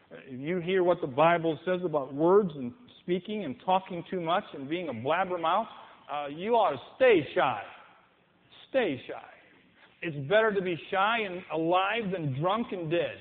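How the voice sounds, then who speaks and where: Preacher, male, high voice, fervent sermon delivery, hall reverb, tinny sound. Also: expressive, moderate pace, a little hiss or hum. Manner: impassioned, mimics people in quoted voices.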